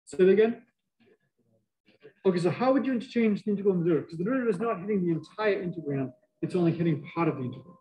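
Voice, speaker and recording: Rapid-fire and high-pitched, a middle-aged Boston-accented man lectures university math students, joking and animated. His face mask muffles the sound.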